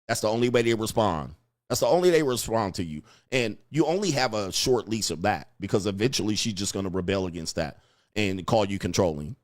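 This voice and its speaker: A man's voice: fairly low pitch, lively intonation, a little fast, no room sound, clean studio sound. A man giving blunt, crude relationship advice in a mocking, preachy rant, answering viewer comments. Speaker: dating advice host.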